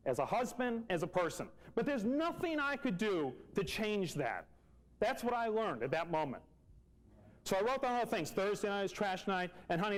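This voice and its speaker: A man's voice: high-pitched, rough recording. A man, telling a personal story earnestly and repeating phrases for emphasis. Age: 40s.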